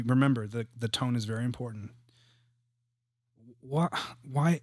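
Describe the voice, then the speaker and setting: A man's voice: mid-range voice, a little slow, pauses often, no echo, studio quality. A man in his thirties, a guest on a podcast, talking in an earnest, reflective way and often dropping "man" and "like". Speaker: guest, real estate entrepreneur. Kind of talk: casual podcast conversation.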